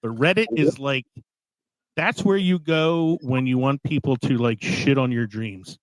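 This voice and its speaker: A man's voice: medium pitch, a little slow, no echo, rough recording. Laid-back man hosting a podcast. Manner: laid-back, swearing, laughing between lines. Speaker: podcast host. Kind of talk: casual podcast chat. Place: small studio.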